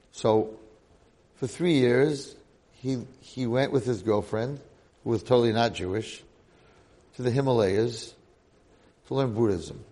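Gravelly older rabbi telling a story. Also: male voice, on the low side. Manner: animated storyteller, dramatic swings in loudness. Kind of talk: storytelling talk to a congregation.

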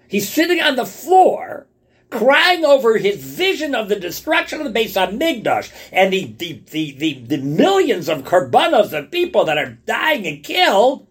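Slow, animated male Torah teacher. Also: high-pitched, husky. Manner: dramatic, swings from hushed to shouting for emphasis; explains wordplay step by step, asks rhetorical questions. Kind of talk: Tisha B'Av lecture.

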